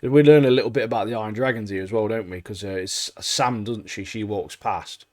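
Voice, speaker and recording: This is a man chatting on a podcast with a co-host, his voice sitting on the lower side. He's easygoing and excitable, piling on slang and laughing often. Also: fairly quick, no room sound, studio quality. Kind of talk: casual chat.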